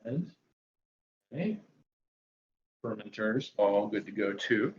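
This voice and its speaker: A man's voice: lively intonation, takes it slowly, a little hiss or hum. A man from Northern Virginia hosting a casual stream, joking as he brews and cooks. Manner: joking, puts on silly high voices. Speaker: stream host brewing and cooking. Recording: roomy, dull home mic.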